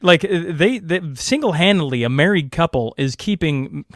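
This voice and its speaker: A man's voice: fairly high pitch, expressive, moderate pace, no echo. A man hosting a podcast, chatting casually and joking in disbelief. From Canada. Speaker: podcast host.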